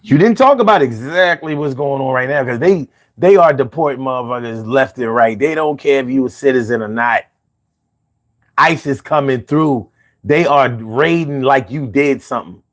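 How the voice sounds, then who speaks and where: A man's voice: medium pitch, normal speed. A man giving a heated, profane political rant as a commentator, talking straight to his viewers. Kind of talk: ranting commentary.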